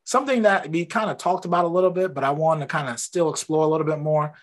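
Male podcast host, somewhat high voice, chatty and anecdotal, home office call. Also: quick pace. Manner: relaxed and talkative, rambling anecdotes. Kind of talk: casual interview chat.

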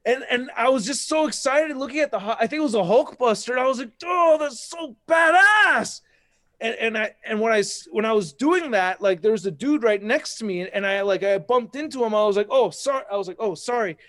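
Excitable high-voiced man telling stories. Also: quick pace, hardly any pauses, dry recording. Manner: excitable, rambling storyteller with many restarts. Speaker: podcast guest, toy collector. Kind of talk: casual chat.

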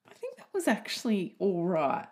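A woman's voice: medium pitch, wildly swooping pitch, normal speed, darkish tone. A woman from Australia hosting a podcast, talking casually, giggling often and wandering off on tangents. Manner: giggly, self-mocking, goes off on tangents. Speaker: podcast host. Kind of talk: rambling casual podcast monologue. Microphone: desk mic, typing heard.

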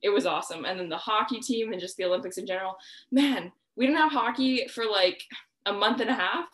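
A young woman hosting a casual sports podcast, bubbly and quick to laugh, saying "like" and "awesome" a lot. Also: medium pitch, fairly bright tone, echoey room. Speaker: podcast host.

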